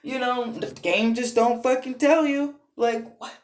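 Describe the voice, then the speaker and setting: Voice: medium pitch, steady tone, measured pace. A gaming vlogger ranting casually, exasperated and profane, rambling with frequent fillers. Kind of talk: casual rant. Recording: roomy echo.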